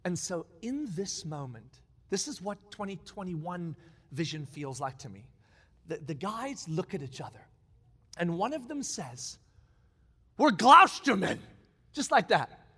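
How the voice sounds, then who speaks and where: A man's voice: a little high, a little slow, husky. A man preaching a sermon, telling a story with emphasis and acting out the lines of the people in it. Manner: animated, acts out quoted lines, emphatic. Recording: long reverb of a large hall.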